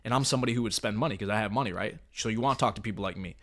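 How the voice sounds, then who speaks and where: A man's voice: fairly low pitch, very fast, fairly bright tone. Brief: male sales trainer, intense and hyped, blunt and profane, coaching live.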